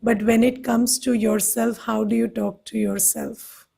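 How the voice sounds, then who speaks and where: Woman, Indian English accent, meditation teacher, higher voice, flat and even, gentle questioning. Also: measured pace, vocal fry, slightly rough. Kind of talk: spiritual talk to a class.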